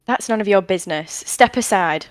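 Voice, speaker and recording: A woman's voice: mid-range voice, normal speed, no room sound, close to an everyday voice. A woman voicing a guarded, stubborn female cleric who answers curtly. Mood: defiant. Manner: curt, defiant.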